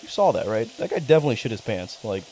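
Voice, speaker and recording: A man's voice: medium pitch, very animated, fast, darkish tone, slight background noise. A young man live-streaming a game, rambling and swearing casually as he banters with his chat in mock outrage. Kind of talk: casual live-stream commentary while gaming.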